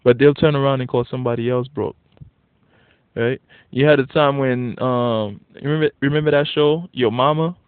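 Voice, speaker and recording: Speaking at a moderate pace, this man has a mid-range voice with a clear, resonant tone and no echo. He's a vlogger ranting casually in a monologue, blunt and profane, growing animated when worked up, all captured as tinny, dry, lo-fi phone audio.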